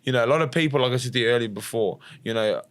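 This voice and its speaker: A young Australian man, a fighter guest on a podcast, telling a story in a lively, casual way, acting out the quotes and swearing now and then. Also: mid-range voice, no echo. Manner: rapid, animated storytelling with acted-out quotes and swearing.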